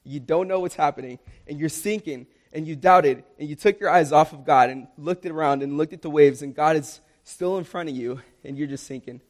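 Young man, preacher, earnest emphatic sermon, repeats lines for stress, slightly higher voice. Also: brisk, few pauses.

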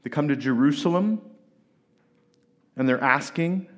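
A male pastor whose voice runs on the high side takes his time delivering a sermon. He animatedly retells a scripture story in a casual tone, making asides to his listeners.

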